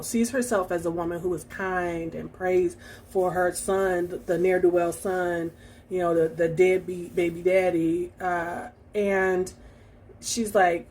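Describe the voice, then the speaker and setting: A woman talking through her recent reading in a casual vlog, reflective and halting, with many fillers and restarts. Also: lowish voice, a little mellow, a little hiss or hum. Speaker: book vlogger. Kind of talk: casual book review vlog.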